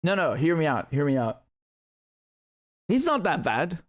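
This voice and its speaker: Male political streamer, slightly high-pitched, heated and sarcastic, restarts often. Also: very animated, unhurried, heavy background noise. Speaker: host of a live political stream. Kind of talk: live-stream commentary.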